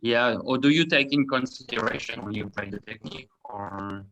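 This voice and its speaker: A man's voice: medium pitch, normal speed, fairly bright tone, a little hiss or hum. A man with a French accent, an audience member asking a question hesitantly while searching for words.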